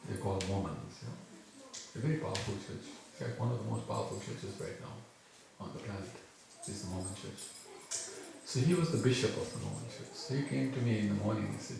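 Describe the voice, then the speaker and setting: A man from Fiji telling a personal story to a gathering, animated and often laughing as he acts out the dialogue. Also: fairly low pitch, quick pace, vocal fry, recorded from a distance. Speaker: spiritual speaker. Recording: very echoey hall with audience.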